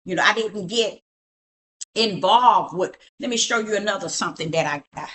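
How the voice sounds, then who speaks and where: A middle-aged prophetess with a mid-range, slightly bright voice walks through her home at a moderate pace, showing things off. She speaks emphatically and preachily in this casual show-and-tell, often asking "you see?"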